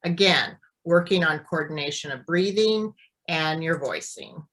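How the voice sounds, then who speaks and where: A woman speech therapist explaining and demonstrating voice exercises in a clear, deliberate teaching manner. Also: low voice, fairly bright tone, rough recording. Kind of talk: instructional demonstration.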